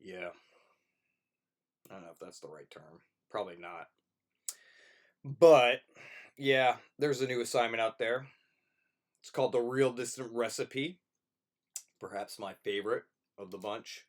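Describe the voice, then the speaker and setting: A man's voice: medium pitch, unhurried, pauses often. A man, a film teacher, chatting playfully and rambling through a casual livestream to his students.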